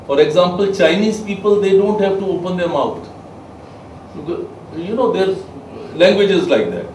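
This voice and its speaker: A man giving a soft skills lecture to a class, emphatic and quizzing his listeners. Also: high-pitched, lively intonation, moderate pace, a little hiss or hum. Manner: emphatic, asks the class questions. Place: training room with a class. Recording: echoey room, mic far off.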